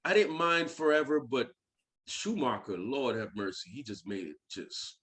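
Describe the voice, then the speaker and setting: A man's voice: mid-range voice, expressive, normal speed, a bit bright. A man chatting casually as a podcast guest, joking and acting out little voices in his stories. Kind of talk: casual chat.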